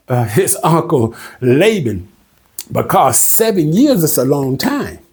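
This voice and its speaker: A man teaching a Bible study in a casual, emphatic, conversational way, reading the verses slowly. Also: medium pitch, a little mellow, slightly rough.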